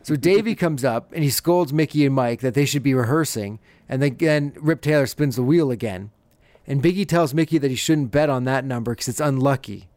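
A man's voice: medium pitch, a little fast, darkish tone, no room sound. A man hosting a podcast, casually recapping an episode and laughing often as he retells scenes. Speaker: podcast host.

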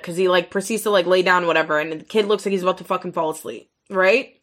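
A woman's voice: lowish voice, steady tone, quick pace, hardly any pauses, a bit bright. A young woman hosting a podcast, telling a story in casual, frank, profane talk full of filler words. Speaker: podcast host.

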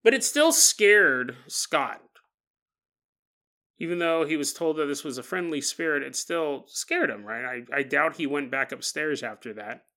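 A man's voice: fairly high pitch, lively intonation, measured pace, bright, forceful tone. A man hosting a paranormal storytelling podcast, chatty and laughing often as he tells the tale. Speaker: podcast host.

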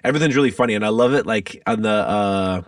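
A chatty man co-hosting a podcast, easygoing and loose with his swearing. His voice sits on the low side, and he sounds a little distant from the mic in a dry, dead room. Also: quick pace, dry recording. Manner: relaxed, chatty, swears freely. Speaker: podcast co-host. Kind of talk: casual chat.

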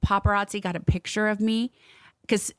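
A woman's voice: mid-range voice, level tone, normal speed, dry recording, clean studio sound. A woman co-hosting a podcast, chatting casually and telling stories with lots of "like". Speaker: podcast co-host. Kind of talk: casual chat.

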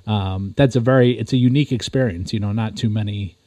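A young man on a casual podcast, relaxed and hesitant, with plenty of fillers. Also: lowish voice, quick pace, no room sound. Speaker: podcast co-host.

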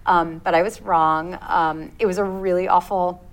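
A woman in her thirties, interviewed as a guest, shares something personal in a steady tone and a slightly low register. She hesitates, pauses, and restarts as she reflects, all on poor-quality audio.

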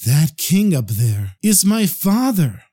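Man doing a ragged young wild prince, pleading, raised high voice, storytelling figure. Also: sing-song, takes it slowly, warm tone, husky, heavily acted. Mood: bewildered. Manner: pleading, crying out.

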